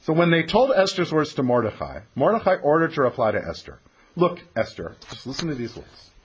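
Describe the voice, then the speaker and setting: A man teaching a text study, telling the story in a lively way and reading sources aloud. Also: a little high, a little fast, slight background noise. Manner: animated storytelling, acts out voices, reads sources aloud.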